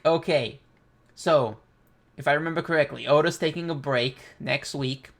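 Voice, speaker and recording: A man hosting a casual comic reaction, reading panels aloud and thinking out loud with excitement. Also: a little high, normal speed. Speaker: manga reaction host.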